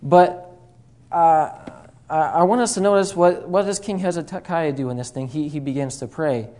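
A man's voice: a little high, moderate pace, warm tone. A man preaching a sermon, opening with a folksy joke told in a storytelling manner full of fillers and asides.

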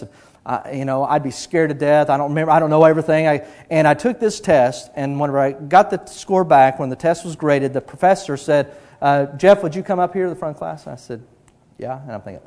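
A middle-aged male pastor preaching a sermon, telling stories with animated energy and dropping to a hush for emphasis. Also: on the high side, fast talker.

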